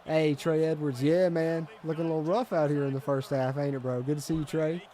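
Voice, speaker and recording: Excitable man streaming gameplay. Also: fairly high pitch, brisk. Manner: excitable, swings between frustration and hype, Southern slang. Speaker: gaming streamer. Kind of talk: live gameplay commentary and chat.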